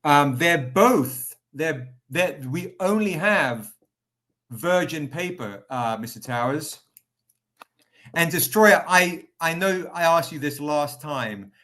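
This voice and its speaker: A man hosting a live stream, chatting with viewers by name and pitching comic editions in a casual, upbeat way. He sounds tired and says he is recovering. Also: lively intonation, takes it slowly, a bit bright. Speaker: livestream host selling comics.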